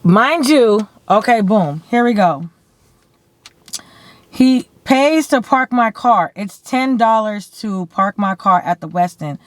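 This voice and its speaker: A woman from California telling a story to her camera in a blunt, animated way, swearing freely and saying "like" often. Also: medium pitch, takes it slowly, no echo. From San Bernardino, California. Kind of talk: casual storytime. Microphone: camera mic.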